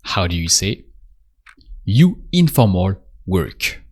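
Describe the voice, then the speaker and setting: Slow, low-voiced man teaching. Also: very animated, a little mellow, husky. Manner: slow, careful, repeats example phrases. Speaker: French teacher. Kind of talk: paced language drill lesson.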